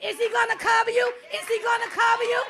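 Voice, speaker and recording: A woman's voice: very high voice, little pitch movement, fast, sharp tone. A woman preacher delivering an impassioned sermon, driving home her points with repeated rhetorical questions. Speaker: guest preacher.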